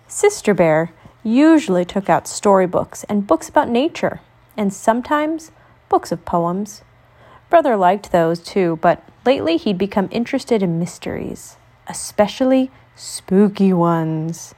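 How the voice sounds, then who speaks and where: A woman reads a children's picture book aloud in a gentle, expressive way. She lets her voice soften and linger on the quiet parts, taking her time as she tells the story to young listeners. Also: mid-range voice, measured pace. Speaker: storybook reader.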